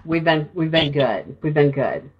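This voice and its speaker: A woman's voice: deep voice, measured pace, highs cut off, noisy background. A middle-aged woman from Minnesota, co-hosting a radio show and telling a rambling story with many fillers, congested from a sinus infection. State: sinus infection, clearing throat. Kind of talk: casual chat. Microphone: studio mic.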